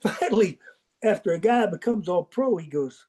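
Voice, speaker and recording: An older man, a football coach appearing as a podcast guest, tells folksy anecdotes in a storytelling interview and acts out the dialogue in them. His voice is high-pitched, expressive and mellow, at a moderate pace.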